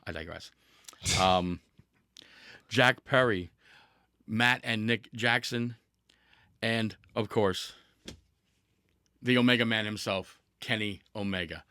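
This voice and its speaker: A man's voice: fairly low pitch, slow, long pauses, pushed and bright, no echo, studio quality. A man hosting a casual podcast, telling a story with energy, with laughs and restarts along the way. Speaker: podcast host.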